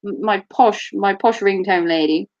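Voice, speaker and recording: A woman's voice: mid-range voice, normal speed, a little mellow, muffled recording. A woman chatting casually to camera as a vlogger, giggly and teasing.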